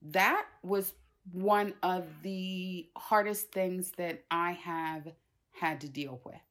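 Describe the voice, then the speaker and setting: A woman in her fifties telling personal stories in a conversation, emotional and animated, acting out her relatives' voices. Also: fairly low pitch, takes it slowly. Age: 50s. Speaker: guest.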